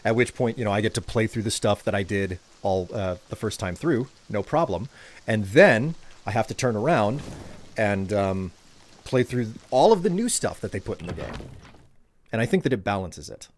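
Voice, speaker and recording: A man's voice: fairly low pitch, expressive, normal speed, slight background noise. A man giving casual, rambling commentary while streaming a game. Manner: rambling, reflective chat.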